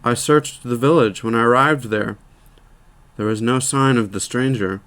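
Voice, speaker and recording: Male storyteller; plain, measured short-story narration. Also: mid-range voice, a bit bright. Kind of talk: reading a short story aloud.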